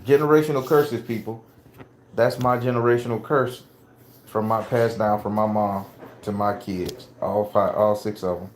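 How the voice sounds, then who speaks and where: A man's voice: on the low side, darkish tone, slight background noise. A blunt, profane middle-aged man talking casually to his viewers, laughing easily. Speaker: spiritual vlogger and father. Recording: echoey room.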